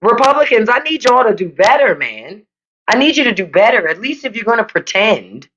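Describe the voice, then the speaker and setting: Woman on a live stream talking to y'all, animated pitch, kinda dull lo-fi audio. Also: brisk. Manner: playful, laughs often, talks to viewers as y'all. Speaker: podcast host on a live stream. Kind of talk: casual livestream commentary.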